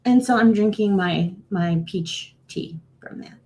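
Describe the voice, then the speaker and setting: A woman co-hosting a podcast, answering in an easygoing, relaxed way. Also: mid-range voice, a little slow. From US Midwest. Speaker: podcast co-host. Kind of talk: casual podcast chat.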